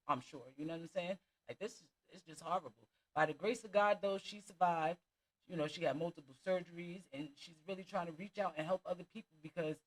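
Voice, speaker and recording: A woman's voice: low-pitched, poor audio. A woman vlogger giving casual commentary, emphatic and preachy, repeating her points for stress. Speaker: vlogger host.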